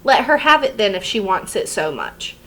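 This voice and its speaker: A woman's voice: medium pitch, huge pitch swings, moderate pace, bright, forceful tone, exaggerated voice. A woman reading aloud the lines of a smug teenage boy, in a plain reading voice.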